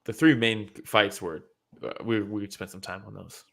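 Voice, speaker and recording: A man co-hosting a relaxed podcast about fights. He talks excitedly, laughs a lot and acts out what the fighters said. He swears casually as he breaks down each moment. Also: lowish voice, moderate pace, vocal fry. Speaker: podcast co-host.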